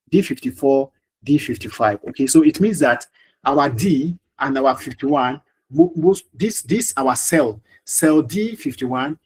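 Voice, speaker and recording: A man's voice: a little high, a little mellow, slightly rough, poor audio. A man teaching a live online class over a video call, repeating himself and quizzing students by name.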